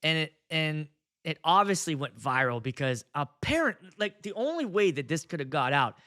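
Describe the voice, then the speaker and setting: A man's voice: a little high, very animated, normal speed, bright, forceful tone. A man in his thirties, a wedding DJ, talking in a blunt, profane, casual monologue. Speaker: wedding DJ and video host.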